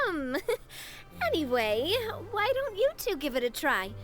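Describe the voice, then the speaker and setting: A woman's voice: high voice, very animated, a little slow, fairly bright tone, faint music behind, exaggerated voice. A woman voicing a cheerful, sociable young woman in a video game, friendly and bubbly in manner. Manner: bubbly, friendly, calls others partner.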